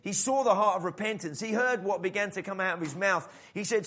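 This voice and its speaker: Guy preaching a sermon, fairly high voice, acts out the characters. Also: brisk, hardly any pauses. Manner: animated preaching, acts out the father's voice. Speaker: pastor.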